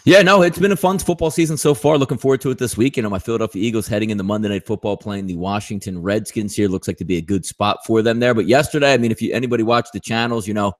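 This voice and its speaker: A man's voice: fairly low pitch, rapid-fire, hardly any pauses. A man chatting casually about sports shows, rambling and correcting himself as he goes. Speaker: sports bettor. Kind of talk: casual chat.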